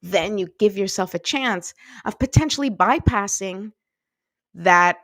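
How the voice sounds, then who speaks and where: A woman's voice: mid-range voice, animated, a little slow, dry recording, clean studio sound. A woman hosting a daily self-help show, talking casually and encouragingly to her viewers, often checking in with "right?". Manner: warm, chatty, lots of "right?" and "you know". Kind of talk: casual motivational talk to viewers.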